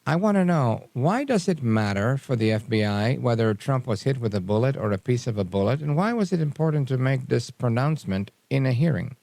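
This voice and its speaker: A man imitating an eccentric, highly educated male professor with a Cuban accent, speaking briskly and formally. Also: expressive, creaky, a little mellow, no room sound. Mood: urgent.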